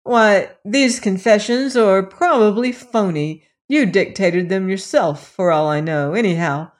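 A defiant young woman in a storybook, protesting loudly and fiercely, her voice pushed higher and harder than the reader's own, as a reader puts her on. She sounds spirited and stubborn as she refuses to back down. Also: animated, normal speed, lightly acted. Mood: uneasy, insistent. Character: defiant young woman under police pressure.

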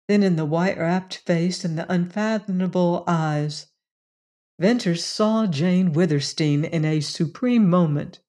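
A woman narrates a novel for an audiobook. Her reading is measured and expressive, unhurried and slow. Her voice sits fairly low. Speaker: audiobook reader. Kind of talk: scripted narration.

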